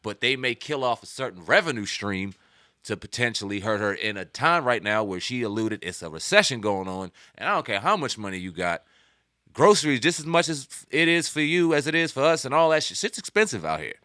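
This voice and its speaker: A man's voice: medium pitch, very animated, fairly quick, bright, forceful tone, no room sound, studio quality. A man hosting a hip hop news show, commenting in a loose, slangy, conversational way. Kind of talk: casual commentary.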